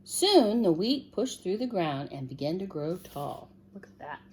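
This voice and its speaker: A woman reading a picture book aloud to children in a gentle, expressive way, stopping to ask the listener questions. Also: on the low side, measured pace, breathy edge.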